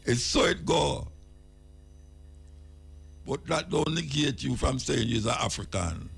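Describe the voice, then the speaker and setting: A man's voice: mid-range voice, lively intonation, slow pace, vocal fry, fairly bright tone, slightly rough. An older man with a Jamaican accent, hosting a talk show and reasoning through a point, with emphatic repetition in patois. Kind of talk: casual radio reasoning.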